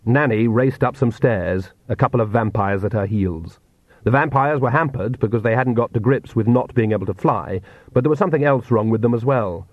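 A male audiobook narrator tells the story in a measured, even way at a middle pitch. The recording is close and dry, with a slightly dull, muffled top. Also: no echo. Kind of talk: scripted narration.

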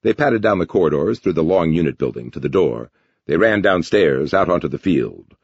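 A man narrating an audiobook with lively, expressive storytelling in a dull lo-fi recording. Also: low-pitched, moderate pace, breathy edge, dry recording.

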